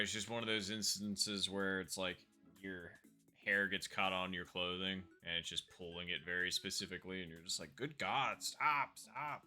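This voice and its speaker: Low-voiced man casually streaming a golf game. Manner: relaxed, muttering asides to chat. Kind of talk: casual gameplay commentary.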